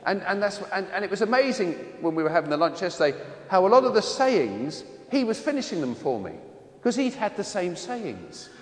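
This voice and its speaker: A priest from London with a London accent, reading the gospel and then preaching in a chatty storytelling way. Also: male voice, high-pitched, sing-song, fairly quick, roomy sound, big-room sound. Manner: chatty storytelling with voiced impressions.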